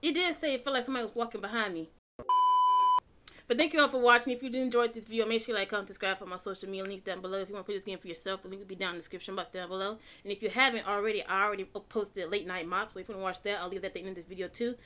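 A woman's voice: mid-range voice, fairly even intonation, racing, sharp tone. A young woman, playing a horror game and talking to herself, swearing and jumpy. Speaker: gaming channel host. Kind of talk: horror game let's play.

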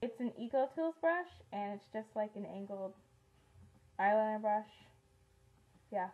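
A woman's voice: medium pitch, expressive, a little slow, narrow, tinny audio. A teenage girl chatting through a casual beauty favorites vlog, rambling with lots of ums and likes. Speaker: beauty vlogger.

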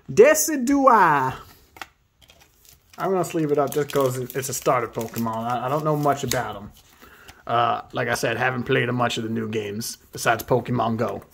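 A man hosting a casual pack-opening video, excitably reading card names aloud and hyping himself up. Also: mid-range voice, creaky, a little hiss or hum. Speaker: host opening card packs.

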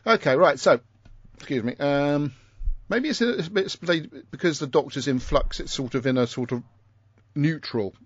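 A man's voice: on the high side, lively intonation, normal speed, no echo. A man with a southern English accent hosting a podcast in a rambling, self-correcting chat. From Isle of Wight. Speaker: podcast host. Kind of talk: casual chat. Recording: dull lo-fi home recording.

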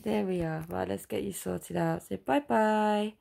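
A mother in a home video, gently coaxing her baby in sing-song baby talk and calmly explaining to the camera. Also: fairly low pitch, moderate pace, creaky.

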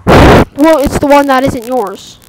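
Excitable high-voiced young woman gamer. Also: slow. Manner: excitable, yelps and silly mock swearing. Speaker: gameplay commentator. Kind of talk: casual gaming chat. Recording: noisy home mic recording.

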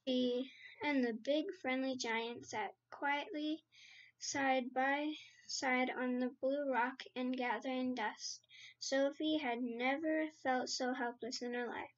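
Woman reading a children's book aloud, slow and careful, high voice, slightly dull lo-fi sound. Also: fairly even intonation. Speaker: reader.

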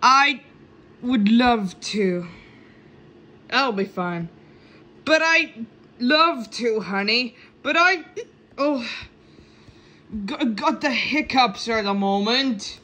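A woman voicing a hiccuping puppet who talks in a halting, hesitant way full of ums. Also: fairly high pitch, fairly bright tone. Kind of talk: hobby puppet show.

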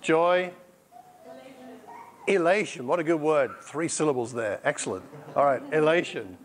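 A man's voice: a little high, normal speed, slight background noise. A middle-aged man preaching in church, asking the congregation questions and telling a story with energy. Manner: lively storytelling, repeats answers back. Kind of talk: sermon with audience questions. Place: church hall.

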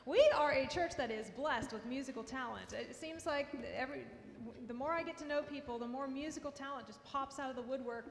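A woman leading the songs in a church service, chatty and upbeat as she introduces the musicians. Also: high-pitched. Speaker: song leader. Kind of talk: casual church announcements. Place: church sanctuary. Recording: roomy church hall, faint room noise.

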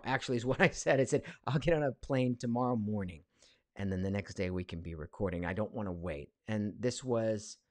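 A man's voice: mid-range voice, no room sound. A man in his forties, a voice actor, chatting casually on a live stream from his home studio, reading viewer questions aloud with lots of fillers. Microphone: studio mic.

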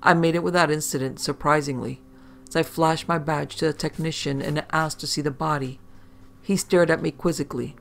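A man's voice: a little high, fairly even intonation, a little fast, vocal fry. A man narrating a first-person horror story in a wry, conversational way, with profane asides.

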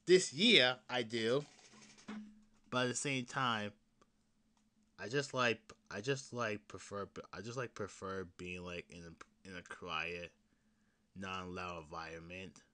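A young man hosting his own podcast, chatting casually in a rambling, laughing way, with frequent restarts and swearing, jumping between loud excited bursts and low mutters. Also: takes it slowly, pauses often. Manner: excited fan talk that drops to mutters and whispers. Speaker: podcast host. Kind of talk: casual solo podcast chat.

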